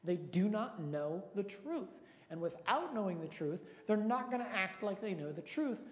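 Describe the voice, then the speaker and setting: A man's voice: high-pitched, big pitch swings, moderate pace. A man, a pastor, leading a Bible study with prayer, teaching and questions to the group in an earnest, lightly joking way. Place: large hall with long reverb. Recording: echoey reverberant hall.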